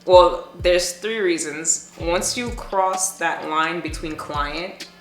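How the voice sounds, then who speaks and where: A woman tattoo artist chatting as a guest, telling stories in a blunt, animated way with plenty of swearing. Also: lowish voice, takes it slowly, a little hiss or hum. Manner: animated, blunt and profane, laughs often. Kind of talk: casual storytelling chat. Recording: roomy echo with faint music.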